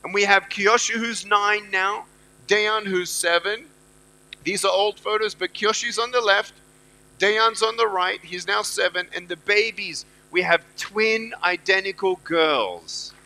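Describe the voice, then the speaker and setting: A motivational speaker in his thirties addresses a live audience with an inspirational speech, his high voice a little slow and creaky. He speaks emphatically, repeats lines to the crowd, and moves between loud bursts and hushed storytelling.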